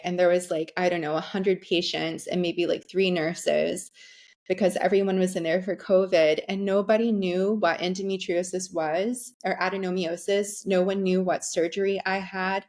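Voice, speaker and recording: A woman's voice: on the low side, a little mellow. A young adult woman, a podcast guest, candidly telling a personal story with frequent ums and restarts. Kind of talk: conversational storytelling.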